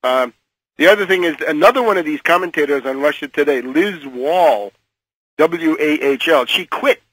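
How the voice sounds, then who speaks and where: A man's voice: a little high, normal speed, a bit bright, no room sound, low-quality recording. An older man speaking as a guest commentator in a radio interview, often hesitating and repeating words as he makes pointed criticisms.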